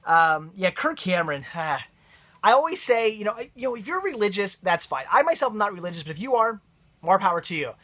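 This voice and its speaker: Young male vlogger, bright and eager, rambling unboxing chat full of restarts. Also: sits high, brisk. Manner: excited, rambling, frequent laughs and restarts.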